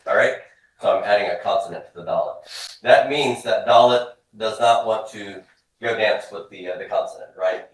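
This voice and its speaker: A man's voice: lowish voice, distant mic. Man teaching in an echoey classroom. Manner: drills students with quick questions. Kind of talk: classroom Hebrew grammar lesson.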